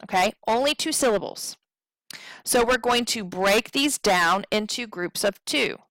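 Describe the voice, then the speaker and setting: Woman teacher, slow patient delivery, crisp dry close sound. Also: mid-range voice, animated, a bit bright, no echo, rough recording. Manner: patient, counting syllables aloud and checking in with "right?". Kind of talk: poetry lesson.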